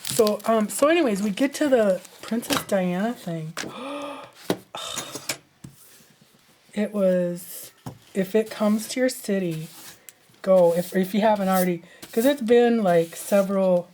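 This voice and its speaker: A woman's voice: mid-range voice, measured pace, dark tone, a little hiss or hum. A middle-aged woman chatting casually while she crafts, rambling through a long personal story with many asides. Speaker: crafting vlogger.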